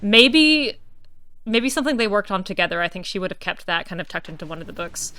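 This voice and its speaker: Woman gamer, casual commentary, bright tense tone, dry close sound, chatty with playful mock indignation. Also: medium pitch, animated, a little fast, clear, resonant tone, dry recording. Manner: chatty, musing aloud with playful mock outrage. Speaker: let's-play streamer.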